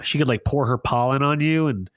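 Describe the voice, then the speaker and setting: A man co-hosting a casual podcast chat, animated and quick to laugh. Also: mid-range voice, no echo, studio quality. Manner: animated, laughs often, breaks into silly voices. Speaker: podcast co-host.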